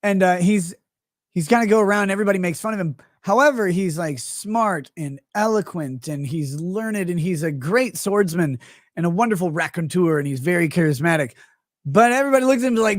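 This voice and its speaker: Man, livestream host, crude, rambling, animated pitch, dry close sound. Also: brisk, no room sound. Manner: reads out chat messages. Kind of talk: casual livestream commentary.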